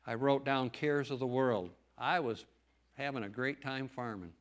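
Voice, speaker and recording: A middle-aged man speaks in an earnest, homespun way, leaning hard on key words as he shares his testimony. His voice sits at an ordinary pitch for a man. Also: unhurried. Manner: earnest, folksy, emphatic. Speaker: lay preacher and farmer. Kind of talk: church testimony talk.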